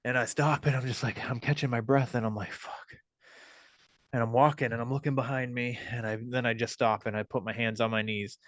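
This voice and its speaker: A man's voice: mid-range voice, steady tone, quick pace, hardly any pauses, no room sound. A man hosting a podcast, telling a story in a casual, rambling way with lots of swearing, fillers and restarts. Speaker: podcast host.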